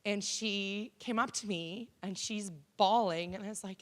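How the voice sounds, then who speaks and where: Speaking fairly quickly with hardly any pauses, a woman in her thirties from Canada keeps a medium pitch and fairly even intonation. She delivers a personal-story keynote in a college auditorium, frank and conversational, with frequent ums.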